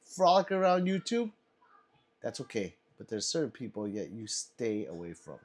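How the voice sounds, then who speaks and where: A man's voice: fairly low pitch, sing-song, moderate pace, a little mellow. A man hosting a casual livestream, reading chat aloud, laughing often and swearing freely.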